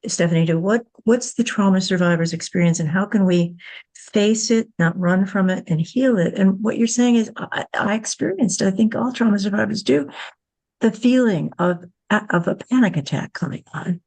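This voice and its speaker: A woman's voice: mid-range voice, moderate pace, a little mellow. A woman hosting a candid podcast, speaking earnestly and reflectively, often restarting and repeating her words. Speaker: podcast host.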